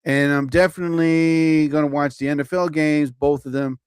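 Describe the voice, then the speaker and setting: A man's voice: fairly high pitch, little pitch movement, normal speed, clean tone, dry recording. Rambling, slightly raised man on a dry livestream. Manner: chatty, self-interrupting, swears mildly, laughs at himself. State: yawning, a bit tired. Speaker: comedian livestreaming. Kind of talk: rambling casual livestream chat. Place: at home, TV on overhead. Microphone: phone or computer mic, livestream.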